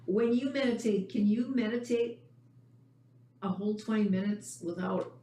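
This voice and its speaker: A participant in a library meditation class who asks questions in a slow, thoughtful, tentative way. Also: medium pitch, dark tone. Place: library meeting room. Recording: echoey room, distant mic, background noise.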